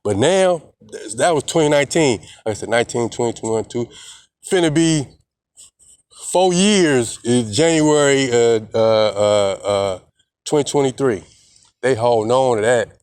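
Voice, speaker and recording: A man's voice: mid-range voice, measured pace, a little mellow, clean tone, no room sound. A young man, rambling defiantly in a casual vlog monologue, repeating himself and swearing a lot. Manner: heavy slang and profanity. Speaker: vlogger.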